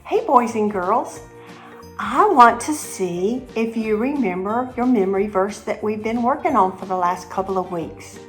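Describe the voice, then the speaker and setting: A woman teaching children a memory verse, slowly and clearly, with lots of praise. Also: medium pitch, animated, faint music behind. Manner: warm encouraging praise, slow and clear. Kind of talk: memory verse drill for kids.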